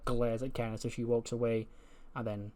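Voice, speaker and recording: A man casually recapping storylines from a wrestling management game. He tells it chattily with frequent fillers and gives animated play-by-play of the matches. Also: mid-range voice, normal speed.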